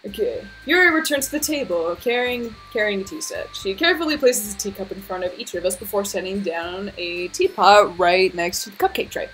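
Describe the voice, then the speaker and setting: A woman's voice: mid-range voice, animated, a little fast, few pauses, a bit bright, soft background music, rough recording. A woman streamer reading a visual novel aloud, casual and swearing freely with self-mocking asides.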